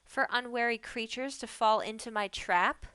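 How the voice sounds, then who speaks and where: A woman's voice: mid-range voice, moderate pace, sharp tone, dry recording. A woman reading aloud, voicing a cheeky young boy who teases and tries to scare, in a playful, mock-sinister way. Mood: teasing. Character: cheeky, teasing young boy who likes scaring others.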